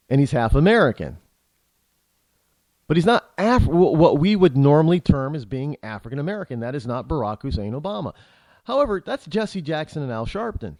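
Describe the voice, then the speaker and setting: Man, talk radio host, rambling indignant monologue, animated pitch, dry studio mic. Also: dry recording. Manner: rambling, restarts often, indignant rhetorical questions.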